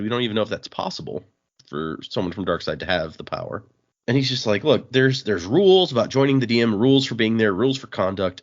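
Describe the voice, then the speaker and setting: A man's voice: medium pitch, slightly rough, dull audio. A man casually recapping a comic's plot on a podcast, dropping briefly into the characters' lines as he goes. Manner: summarizes plot, briefly voicing characters in quotes. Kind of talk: casual chat.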